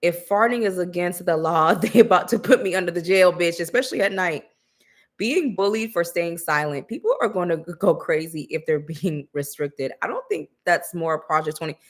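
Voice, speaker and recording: A woman's voice: fairly low pitch, lively intonation, normal speed. A woman co-hosting a podcast, talking in a blunt, sassy, slangy way with casual swearing. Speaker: podcast co-host. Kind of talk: casual commentary chat.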